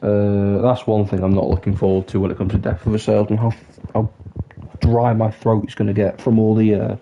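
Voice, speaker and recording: Rambling man, low voice. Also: level tone, fairly quick, dark tone, dull audio, slight background noise. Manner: candid, rambling, sweary. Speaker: live streamer. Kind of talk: casual livestream chat. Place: dark room with the light off. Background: music.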